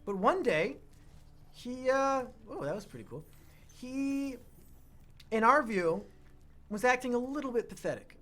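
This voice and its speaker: A man co-hosting a casual podcast chat, talking fast and joking, often breaking into laughter. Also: very high voice, big pitch swings, sharp tone. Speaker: podcast co-host.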